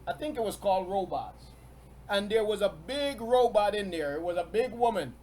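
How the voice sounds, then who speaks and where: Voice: medium pitch, animated, normal speed, a little mellow, a little hiss or hum. A preacher giving a sermon, stressing points by repeating key words and often chuckling between them.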